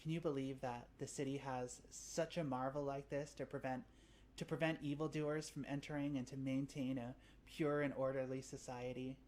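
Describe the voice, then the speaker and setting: A woman's voice: very deep voice, fairly even intonation, moderate pace, darkish tone, slight background noise. A woman voicing an eager, idealistic young female recruit who gushes with enthusiasm in a tabletop game. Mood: gushing. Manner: gushing, breathless enthusiasm.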